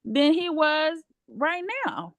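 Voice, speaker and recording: A woman with a slightly high voice speaks slowly and reflectively in a casual Bible study discussion. Her voice sounds dry and close. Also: big pitch swings, fairly bright tone, dry recording.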